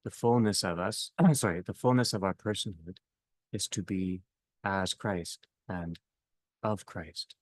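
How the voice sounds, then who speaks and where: Deep-voiced man giving a slow theological talk. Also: steady tone, no echo. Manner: slow, halting, trailing off softly at phrase ends. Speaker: discussion leader.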